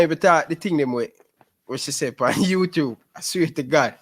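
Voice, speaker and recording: A man in his twenties with a Jamaican Patois accent, a guest telling lively stories in a casual interview. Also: fairly high pitch, normal speed. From Rema, Jamaica. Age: 20s. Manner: lively storyteller who keeps calling the host "sis".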